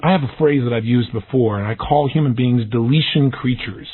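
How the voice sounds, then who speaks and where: A man's voice: medium pitch, fairly quick, breathy edge. A man giving an emphatic motivational seminar talk, acting out the questions he quotes. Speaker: motivational speaker. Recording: tinny lo-fi audio recording.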